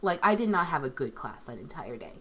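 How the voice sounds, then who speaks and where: A woman's voice: low voice, a little fast. A young woman, a substitute teacher who voice acts, chatting on a livestream and telling stories with lots of fillers. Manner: animated storytelling, lots of fillers, swings in loudness. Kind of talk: casual livestream chat. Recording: faint background noise.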